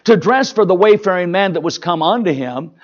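A pastor preaching a sermon, folksy and emphatic, mixing jokes with rising exhortation. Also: male voice, high voice, lively intonation, a little fast, muffled recording.

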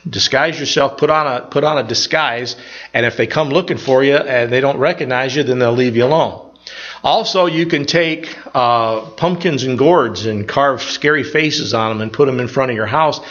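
An older man preaches at a mid pitch, wandering off into folksy personal stories and often restarting his sentences. The recording sounds a little dull and lo-fi. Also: normal speed, fairly bright tone. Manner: rambling, folksy storytelling with many restarts. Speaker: pastor. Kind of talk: informal sermon with personal stories.

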